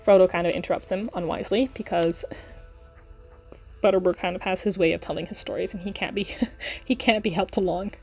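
A woman's voice: on the low side, steady tone, brisk, darkish tone, faint music behind. A woman hosting a podcast, reading a book aloud with chatty commentary, laughing often and filling with ums. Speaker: podcast host and reader.

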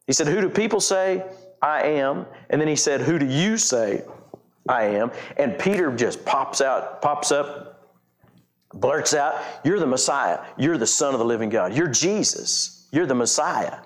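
A man's voice: mid-range voice, lively intonation, a little slow. A middle-aged male pastor preaching a conversational sermon, full of restarts, repetitions and rising emphasis.

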